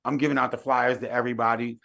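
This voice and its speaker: A man's voice: mid-range voice, flat delivery, fast, gravelly, bright, forceful tone, dry recording, clean studio sound. A man telling a story as a podcast guest in casual chat, laid-back.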